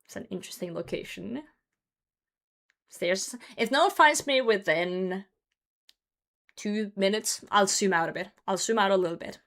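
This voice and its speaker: A woman's voice: mid-range voice, a bit bright. A young woman streaming from her computer at home, chatting casually with her viewers and laughing often as she hosts a hide-and-seek game. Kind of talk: casual live-stream chat.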